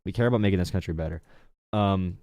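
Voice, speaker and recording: Young male call-in host, quick and loose delivery, fillers everywhere. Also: sits low, warm tone, dry recording. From Appalachian coal region, USA. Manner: rapid, lots of fillers and restarts. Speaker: political talk show host. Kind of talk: live call-in political talk.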